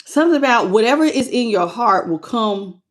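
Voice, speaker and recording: A woman's voice: a little high, lively intonation, moderate pace. A woman giving a casual livestream tarot reading, chatting loosely and greeting viewers by name as "baby". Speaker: tarot reader.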